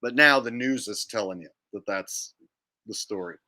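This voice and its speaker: A man's voice: lowish voice, normal speed, bright, forceful tone. Sarcastic man ranting on a livestream. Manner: sarcastic, mocking, mimics people in silly voices. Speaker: livestream host. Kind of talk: casual livestream commentary.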